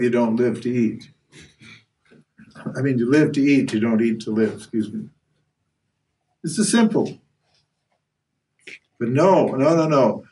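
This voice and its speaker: A man's voice: medium pitch, darkish tone, far from the mic. A man giving a spiritual lecture as a Vedanta teacher, blunt and earthy, firing rhetorical questions and restarting his sentences.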